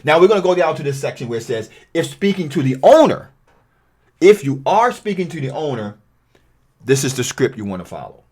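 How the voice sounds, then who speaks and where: A man's voice: a little high, big pitch swings, brisk, darkish tone, slightly rough. Man, trainer, training video, conversational delivery, reads phone scripts aloud. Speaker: real estate investing trainer.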